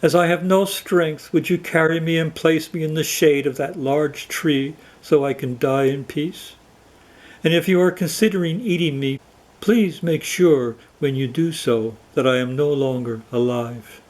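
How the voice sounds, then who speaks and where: A man voicing a starving, proud male lion king who begs in a high, whiny voice for a cartoon folktale. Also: measured pace, natural voice, poor audio. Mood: weary.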